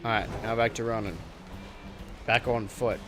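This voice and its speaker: A man's voice: lowish voice, fairly even intonation, moderate pace, fairly bright tone, soft background music. A man streaming a video game from a room at home, chatting casually in a rambling, jokey way. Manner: rambling, goofy, jokey asides. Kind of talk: casual live-stream gameplay commentary. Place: home room with a low ceiling and bright ceiling lights.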